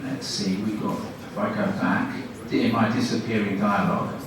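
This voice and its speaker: A man giving a guest lecture, demonstrating classroom teaching with brisk questions and quick praise. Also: on the low side, flat delivery, noisy background. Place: university lecture room. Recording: echoey room from a distant mic.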